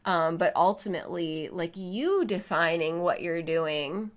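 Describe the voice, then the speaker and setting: A woman's voice: fairly low pitch, measured pace. A woman co-hosting a casual podcast about art, speaking in a reflective, earnest way. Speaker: podcast co-host, artist.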